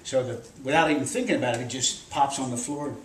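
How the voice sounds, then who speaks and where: An older man, a grandfather, tells children a rambling story, animated and shouting out character voices, at medium pitch and a fast clip. A camcorder across an echoey room picks him up from a distance, with loud noise in the recording.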